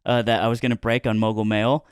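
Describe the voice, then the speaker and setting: A man's voice: fairly low pitch, level tone, fast, smooth, dry recording. A man co-hosting a comedic podcast, spinning a rambling mock-news story and laughing through his own lines, on a close mic. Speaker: podcast co-host. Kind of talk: casual comedic podcast chat.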